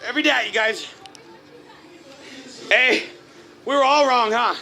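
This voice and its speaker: A man's voice: very high-pitched, a little slow, gravelly, sharp tone, some chatter behind. A man sending a rowdy, laughing fan voice message to the show. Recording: noisy phone voice memo.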